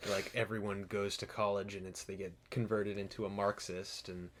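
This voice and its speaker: A man's voice: on the low side, flat delivery, moderate pace. A young man, a university student, co-hosting a casual political podcast, hedging often and slipping into sarcastic impressions. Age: young adult. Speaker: podcast co-host.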